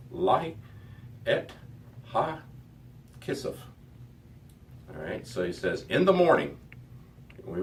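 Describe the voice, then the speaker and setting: Slow, methodical man teaching a class. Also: low voice. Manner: slow, methodical, repeats words. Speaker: Hebrew teacher. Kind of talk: classroom lesson. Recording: distant mic with faint background noise.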